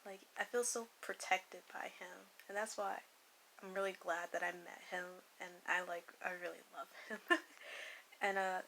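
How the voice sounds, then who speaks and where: A woman's voice: medium pitch, fairly even intonation, moderate pace, vocal fry, sharp tone, a little hiss or hum, poor audio. A young woman telling a personal story in a casual, rambling way, often swearing and dropping into a whisper. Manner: profane, rambling, slips into whispers and laughs. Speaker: vlogger.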